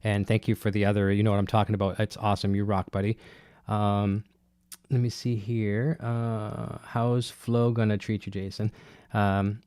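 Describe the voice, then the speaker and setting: Breathing heavily from a cold, a man hosts a casual guitar gear stream from his home studio, reading viewer comments in rambling talk full of fillers and restarts. His lowish voice is level, darkish and clean, at a normal speed. A close dynamic broadcast mic leaves no room sound.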